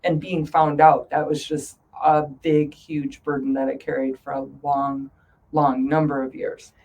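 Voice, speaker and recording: A middle-aged woman, a guest in an interview, telling her story with animated voices for her own past thoughts. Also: deep voice, unhurried, muffled recording.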